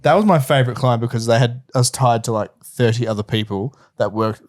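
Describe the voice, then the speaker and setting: A man's voice: medium pitch, a little fast. A man co-hosting a podcast, telling travel stories in casual chat and laughing often. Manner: animated storyteller, laughs often. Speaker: podcast co-host.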